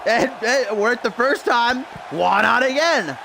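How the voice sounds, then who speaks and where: A man's voice: very high-pitched, expressive, slow pace, gravelly, pushed and bright, slight background noise. A young man calling a wrestling video game match as play-by-play commentator, building hype with casual asides to his stream chat.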